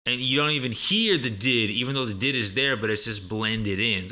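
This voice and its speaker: Male guest teacher with a piercing, bright voice, relaxed and conversational, drills phrases by repetition. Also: medium pitch. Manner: chatty, demonstrates phrases slowly and repeats them. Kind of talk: casual spoken lesson.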